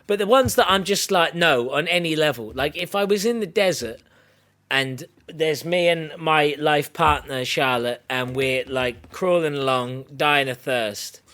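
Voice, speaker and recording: A man's voice: a little high, unhurried, bright, forceful tone. A man co-hosting a podcast in casual banter, joking, swearing and playing mock-indignant. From United Kingdom. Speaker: podcast co-host.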